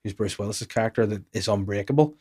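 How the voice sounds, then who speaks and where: A low-pitched male podcast host and comedian spins rambling anecdotes in casual chat, quick and animated, with a slight hiss or hum in the background.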